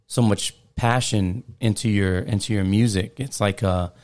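A man with a fairly low voice who encourages the speaker and talks in an affirming way. He speaks in a casual conversational style. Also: a little slow, a little mellow.

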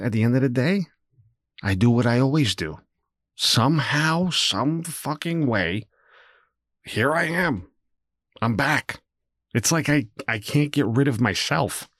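A young man hosting a solo podcast, talking candidly and rambling, swearing freely as he swings between low muttering and animated bursts. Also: no echo, studio quality. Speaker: podcast host.

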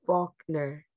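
A woman's voice: low-pitched, a little mellow. A woman from New York co-hosting a casual chat about a TV show, laughing often. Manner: giggly, easygoing, laughs often. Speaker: podcast co-host.

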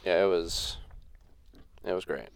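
A man's voice: sits low, a little slow, creaky, clean tone, no room sound. A young man co-hosting a casual podcast chat, enthusiastic and often restarting his sentences. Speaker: podcast co-host.

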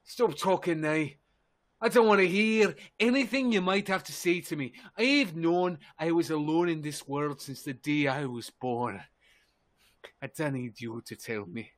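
A man playing a gruff, grieving lumberjack in his fifties who snaps at strangers. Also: fairly high pitch, measured pace, lightly acted. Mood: cold. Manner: bitter, snapping, defensive.

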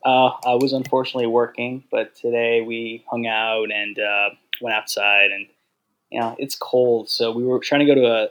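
A man's voice: medium pitch, fairly even intonation, a bit bright, poor audio. A man who is a guest on a podcast, easygoing and teasing in casual chat. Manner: easygoing, teasing, quick agreements.

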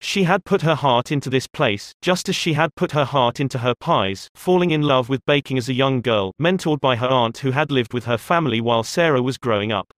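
A mid-range male voice carries this audiobook narration, delivered in a measured and expressive storytelling manner. It's a dry recording with clean studio sound.

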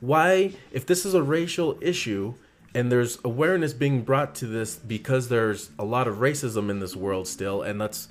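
A man's voice: mid-range voice, moderate pace. A man co-hosting a casual podcast chat, talking in a laid-back way and laying out his points step by step. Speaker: podcast co-host.

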